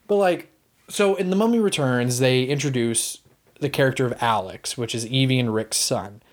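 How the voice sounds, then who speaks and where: Animated rambling man chatting casually. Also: mid-range voice, normal speed. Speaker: podcast co-host. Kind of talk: casual chat about movies.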